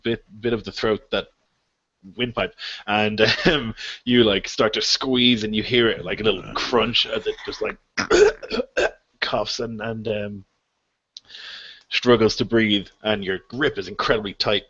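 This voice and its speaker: A man running a tabletop game in loose, filler-laden narration. His voice sits low and sounds dry and close. The audio is dull and lo-fi, like a voice call. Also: fairly even intonation, measured pace, bright, forceful tone, no room sound. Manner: casual, filler-heavy narration with laughs. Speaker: game master.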